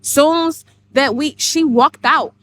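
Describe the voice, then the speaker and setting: A woman's voice: sits high, takes it slowly, fairly bright tone. A woman on a livestream, telling a long story in a rambling way, cursing and repeating herself. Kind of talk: heated livestream monologue.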